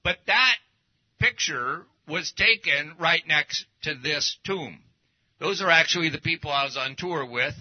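A fairly high-pitched, expressive man preaches at a measured pace, walking his congregation through slides. The sermon is a relaxed, folksy teaching full of anecdotes, heard through a dull lo-fi recording.

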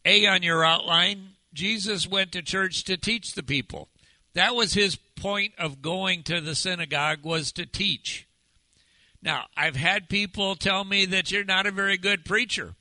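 Man preaching a sermon, very bright and sharp tone, dry close sound, chatty with questions. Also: high-pitched, measured pace, no echo, rough recording. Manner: conversational, asks the congregation questions. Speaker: pastor.

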